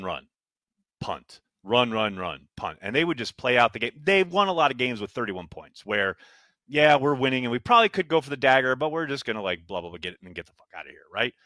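A man's voice: medium pitch, brisk, no echo. A man co-hosting a casual sports podcast, telling long rambling stories and acting out fans' complaints. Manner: animated, rambling storyteller who mimics fans. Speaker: podcast co-host.

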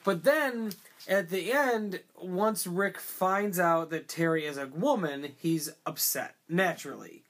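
Picture a person chatting casually about a film on a podcast, circling their point through fillers, false starts and loose swearing. The voice sits at a middling pitch and moves along easily, with no particular edge to it. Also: takes it slowly, fairly bright tone. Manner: rambling, many fillers and restarts. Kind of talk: casual movie discussion.

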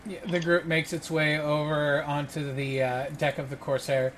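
A man narrating a tabletop game as game master, describing scenes at an easy pace and pausing often with fillers. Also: on the high side, a crowd in the background. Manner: relaxed narration with frequent fillers.

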